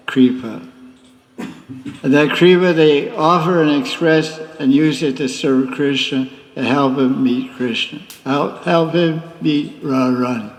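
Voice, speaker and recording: A man, a spiritual teacher, giving a lively devotional class with teasing asides. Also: a little high. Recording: echoey hall reverb.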